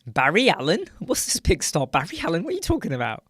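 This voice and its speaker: In a dark room lined with soundproof panels, a UK man hosts a casual live chat, reading comments aloud, joking and laughing a lot. His voice is a little high, a bit bright and husky, fast with huge pitch swings, in a very dry, close recording.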